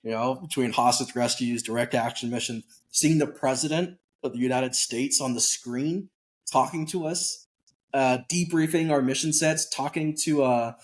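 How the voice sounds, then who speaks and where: A man guest on an interview show, telling a story in a candid, casual way with lively acted-out bits of dialogue. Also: mid-range voice, moderate pace. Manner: animated storyteller who acts out quoted dialogue; candid, casual, occasionally swears. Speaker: podcast guest.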